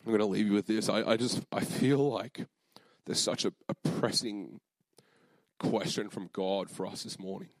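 Young guy preaching, lowish voice, super earnest, lots of "like", dry close sound. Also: steady tone, normal speed, darkish tone, no echo. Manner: casual, lots of fillers, emotional and earnest. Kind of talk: sermon storytelling.

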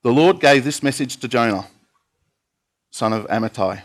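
A man's voice: mid-range voice, moderate pace, long pauses. Man preaching a sermon. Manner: steady reading with occasional fillers. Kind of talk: sermon reading scripture aloud.

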